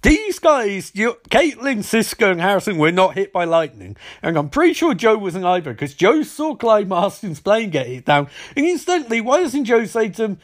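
A man's voice: high voice, big pitch swings, moderate pace, hardly any pauses. A man giving a sarcastic, comedic recap of a TV episode, mocking its plot holes. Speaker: TV episode reviewer.

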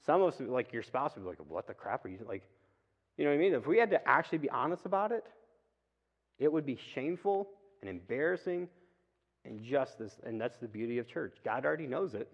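A man giving a casual, conversational sermon in church, with quick asides. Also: medium pitch, expressive. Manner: chatty, acts out quick asides and voices. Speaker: preacher. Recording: reverberant hall, dull lo-fi sound.

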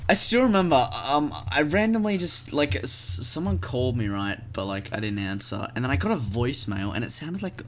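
Lively young man, teasing co-host. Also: mid-range voice, fairly quick, few pauses, a little hiss or hum. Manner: teasing, interrupts, bursts into loud jokey outbursts. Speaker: podcast co-host. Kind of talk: casual chat.

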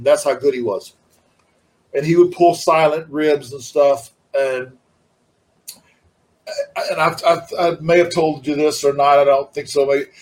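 This is a middle-aged man chatting in a relaxed, rambling way, and his voice sits a little high for a man. He restarts his sentences often and drops "man" into his talk as an interview guest. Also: rough recording. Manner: rambling, laid-back, frequent restarts and "man". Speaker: interview guest, former wrestler. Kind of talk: casual remote interview.

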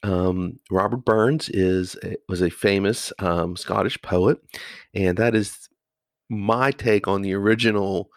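A man hosting his own podcast as a high school teacher, talking through a poem in a rambling, conversational way with frequent pauses. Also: steady tone, no room sound, studio quality. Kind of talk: casual podcast monologue.

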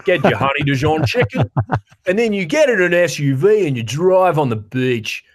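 A man's voice: fairly high pitch, animated, normal speed. A man in his thirties from Australia, co-hosting a podcast in casual, rambling chat with frequent restarts and playful rants. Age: 30s. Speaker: podcast co-host.

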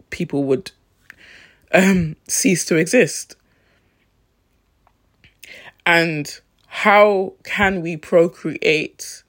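A man giving a reflective talk on faith, thinking aloud with pauses and restarts. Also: fairly high pitch, fairly bright tone. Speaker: Christian vlogger.

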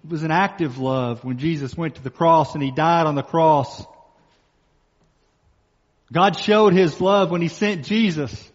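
A man's slightly high voice rings out in a sermon, apparently in a church hall, as the pastor slows down and repeats key phrases to give them weight. His manner is emphatic. Everything sounds a bit muffled, trailed by long reverb.

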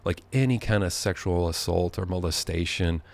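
A man's voice: low voice, normal speed, creaky. A man hosting a podcast from his living room, rambling through a sardonic, profane comedic monologue. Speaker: podcast host.

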